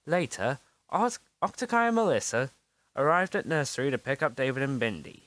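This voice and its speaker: A storyteller narrating a homemade kids' superhero story, hurried with stumbling restarts. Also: female voice, extremely low pitch, animated, dry recording.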